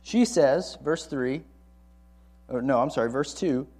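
A man's voice: medium pitch, unhurried, a little mellow. A man teaching a Bible lesson to a college ministry, speaking conversationally and repeating key words for emphasis.

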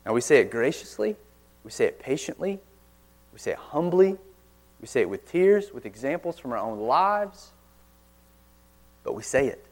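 Male preacher, earnest sermon, forceful stresses, sudden soft drops, mid-pitched voice. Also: very animated, normal speed, long pauses. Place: church.

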